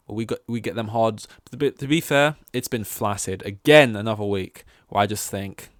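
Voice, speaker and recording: A man's voice: lowish voice, normal speed, no echo, clean studio sound. A man hosting a podcast in casual chat, rambling and thinking aloud with hesitant restarts. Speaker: podcast host.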